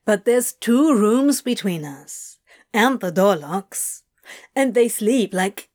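A woman's voice: mid-range voice, animated, takes it slowly, a little mellow. A woman voicing a brash, scheming man who talks in a hasty, coaxing way. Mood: eager.

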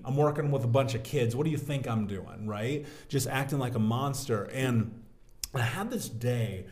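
Guy in his 30s telling a story on a podcast, lively, calls people dude, mid voice. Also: medium pitch. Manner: animated storyteller, says "dude" and "man". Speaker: podcast guest, business owner. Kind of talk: storytelling in a casual interview.

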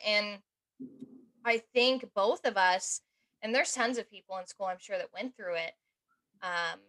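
A woman in her thirties with a bright, clear-edged voice chats casually as a podcast co-host. She talks animatedly and slips into quick impressions of what others said. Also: mid-range voice. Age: 30s. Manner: animated, acts out quoted voices. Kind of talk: casual conversation.

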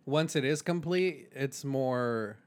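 A man's voice: mid-range voice, takes it slowly. A young man co-hosting a podcast, chatting in a joking, teasing, slangy way. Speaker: podcast co-host. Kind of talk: casual chat.

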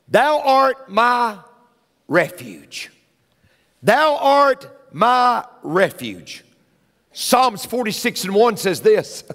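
Excitable man preaching, lively high voice. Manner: excitable, swings from quiet asides to loud shouting. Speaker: pastor. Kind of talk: sermon. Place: large church sanctuary. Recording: church hall with long reverb.

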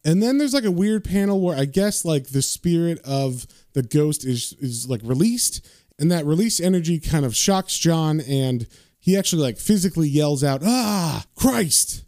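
Chatty comic-recap host, mellow voice. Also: male voice, on the high side, lively intonation, moderate pace, no room sound, clean studio sound. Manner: chatty retelling with fillers. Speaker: comic book reviewer.

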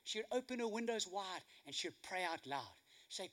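Male preacher, very high and forceful voice, animated storytelling sermon. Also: a little fast. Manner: animated storytelling, swings from hushed to loud.

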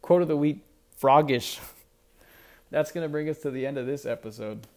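A man's voice: a little high, normal speed, darkish tone. A man hosting a solo sports podcast, rambling and mock-indignant, with lots of fillers and restarts. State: out of breath. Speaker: podcast host.

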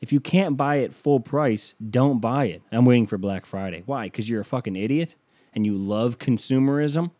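A man's voice: medium pitch, moderate pace, dark tone, dry recording. A man hosting a podcast, delivering a sarcastic, ranting comedic monologue and acting out the people he quotes. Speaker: podcast host.

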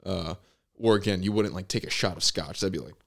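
Young guy hosting a pod, kinda low voice, rambly, like like like, swears a bunch. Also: brisk, gravelly, a bit bright. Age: young adult. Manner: rambling, heavy on fillers and swearing. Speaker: podcast host. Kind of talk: casual chat.

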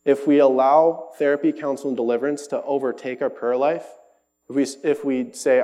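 A man's voice: medium pitch, fairly even intonation, moderate pace, dark tone. A young man giving a casual, earnest sermon, acting out the voices of the people he quotes. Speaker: preacher.

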